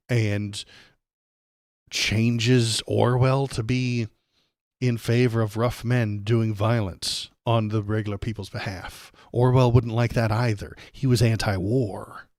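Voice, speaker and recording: A man's voice: lowish voice, no room sound, studio quality. A man hosting a live political stream, ranting angrily and sarcastically with plenty of profanity. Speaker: livestream political commentator.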